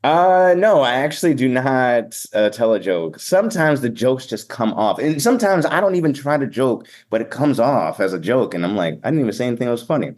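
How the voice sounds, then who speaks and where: Energetic man with a Boston accent. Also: medium pitch, moderate pace, few pauses. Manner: energetic, upbeat and sometimes blunt. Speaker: event emcee and keynote speaker. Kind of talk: casual podcast interview.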